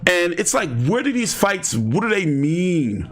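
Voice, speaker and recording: A man's voice: high-pitched, very animated, unhurried, fairly bright tone. A man hosting casual boxing commentary, rambling and joking with slang and lots of fillers. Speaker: host.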